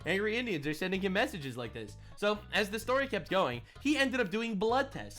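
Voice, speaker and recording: Male commentator, sarcastic and animated, lively pitch. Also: a little fast, hardly any pauses, soft background music. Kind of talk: reaction commentary.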